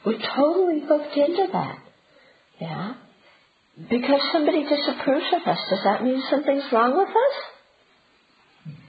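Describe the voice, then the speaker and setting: A woman giving a conversational Buddhist teaching talk, often checking in with her listeners. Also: high voice. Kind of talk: dharma talk. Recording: roomy, dull and noisy.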